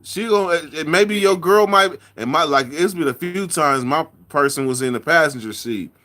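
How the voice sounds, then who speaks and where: A man from California in a casual chat, telling rambling stories with drawn-out words and lots of repeats. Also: on the high side, bright, forceful tone. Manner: loose storytelling, drawn-out words, repeats himself. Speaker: podcast host.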